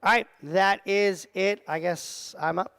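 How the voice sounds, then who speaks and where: High-voiced joking man in a youth room. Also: takes it slowly, a bit bright, clear, resonant tone, no room sound, rough recording. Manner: joking, self-deprecating, talks to the kids in the room. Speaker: youth pastor. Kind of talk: casual youth group talk. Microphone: handheld or headset mic.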